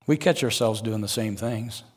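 A man's voice: on the low side, normal speed, husky. An older man preaching a sermon as a guest speaker, earnest, with folksy personal asides and rising emphasis.

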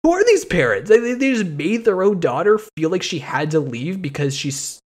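A man hosting a casual podcast chat, ranting with animated, profane mock outrage. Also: a little high, normal speed. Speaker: podcast host.

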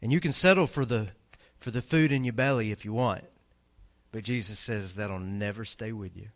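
A man preaching a sermon as pastor, emphatic, swinging between loud peaks and quiet low lines. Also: moderate pace.

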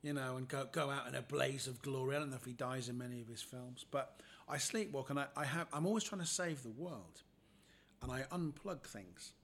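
A man, a podcast guest telling funny personal stories in a lively way and acting out the people in them. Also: medium pitch, fairly quick, creaky, husky. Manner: animated storyteller, acts out the people in his stories. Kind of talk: casual anecdotal storytelling.

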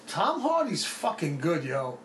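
Man, casual chat, profane and emphatic, roomy echo, clear background noise. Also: on the high side, wildly swooping pitch, unhurried. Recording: roomy, distant, noisy.

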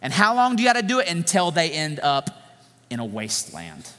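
A male pastor giving an animated, joking sermon in a loose conversational style. His voice is high and bright, and it rings with a long hall reverb. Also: brisk.

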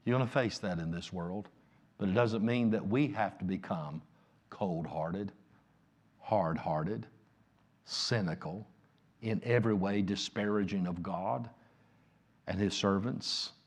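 A man preaching a sermon, slow and emphatic, sometimes dropping to a hushed near-whisper. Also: low voice.

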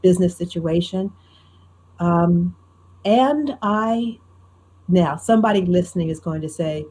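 A middle-aged professional storyteller with a faint New Jersey accent speaks in a fairly low voice, unhurried and with long pauses. In this conversational interview she's animated and self-deprecating, telling anecdotes that include quoted dialogue.

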